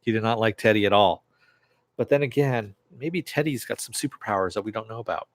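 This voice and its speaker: A man casually recapping a TV episode scene by scene, acting out the characters' lines with lots of "he goes" and swearing freely when excited. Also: fairly low pitch, fairly quick, dry recording. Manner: excitable and profane. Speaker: TV episode reviewer.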